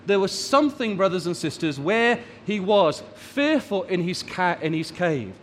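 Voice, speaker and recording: A man's voice: sits high, very animated, a little slow, big-room sound, a little hiss or hum. A man preaching a sermon, rising and falling for emphasis and drawing out the key words. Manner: rises and falls for emphasis, draws out key words.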